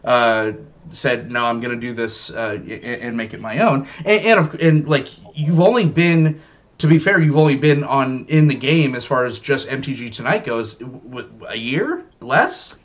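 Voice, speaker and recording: A man's voice: medium pitch, expressive, normal speed, lo-fi sound. Rambling male stream host. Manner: jokey, rambling, many fillers. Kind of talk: casual live stream chat.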